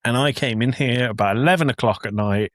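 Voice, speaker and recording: Medium in pitch and a little quick, the voice comes through on a dry recording. He's a young English podcast co-host chatting casually from a home office, spinning a joking story and laughing often.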